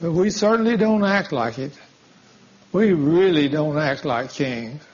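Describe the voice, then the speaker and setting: A man's voice: a little high, lively intonation, measured pace, darkish tone. A man preaching a sermon, telling a folksy story and acting out the dialogue. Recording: dull lo-fi sound.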